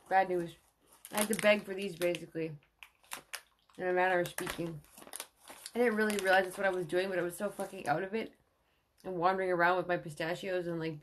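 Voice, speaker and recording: A woman's voice: on the low side, a little hiss or hum. A woman in her thirties hosting a casual livestream, rambling and swearing, with many fillers. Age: 30s. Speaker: livestream host.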